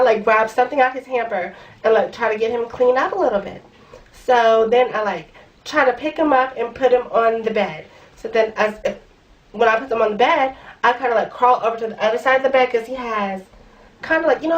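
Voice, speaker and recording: A woman's voice: fairly high pitch, a little fast, muffled recording. A young woman vlogger telling a blunt, profane story in casual slang, recorded in her room. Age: young adult. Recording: voice a bit far from the mic.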